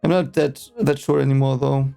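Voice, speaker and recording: A man's voice: medium pitch, level tone, normal speed, creaky, mellow, soft background music. A man whose first language is German, casually reading a book aloud for the first time and reacting with rambling, hesitant, exasperated asides.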